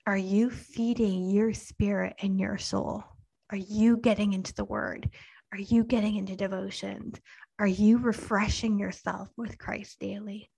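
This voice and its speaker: A woman in her thirties speaks to mothers in an earnest devotional talk. She takes her time, leaning on each phrase with unhurried emphasis. Her voice sits at an ordinary middle pitch and at moments sinks to a soft, hushed near-whisper. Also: steady tone, vocal fry, breathy edge, low-quality recording.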